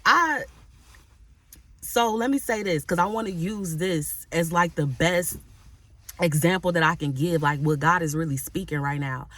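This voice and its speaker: A woman's voice: lowish voice, unhurried, fairly bright tone. Emphatic woman preaching to her viewers. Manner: emphatic, repeats phrases, frequent tag "right?"; addresses audience directly and casually. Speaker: Christian life coach. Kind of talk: motivational preaching to camera.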